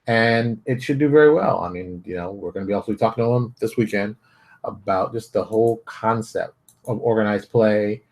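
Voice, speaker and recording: A man hosting his own daily show, talking casually from his home office in a blunt, animated, ranting way. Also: normal speed. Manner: blunt, animated ranting with big pitch jumps. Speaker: host. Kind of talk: casual solo vlog commentary.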